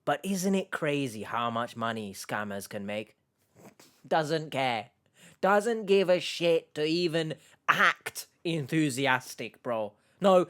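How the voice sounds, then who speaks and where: A man's voice: on the high side, animated, slow pace, a bit bright. Sarcastic man reacting to a video. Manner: sarcastic, mocking, exasperated. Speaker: commentary host reacting to a video. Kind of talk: casual reaction commentary.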